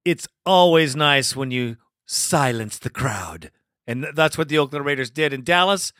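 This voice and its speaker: A man's voice: on the high side, expressive, normal speed, a bit bright, dry recording, clean studio sound. A man hosting a fan call-in show, talking in loose, profane, hyped-up banter. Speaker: podcast host.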